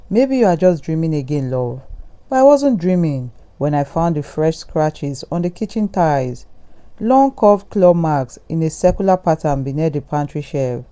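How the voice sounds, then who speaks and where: A man tells a first-person horror story in a steady, brooding narration. His voice is mellow and dark, with no brightness to it. The delivery is even and measured. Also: a little high.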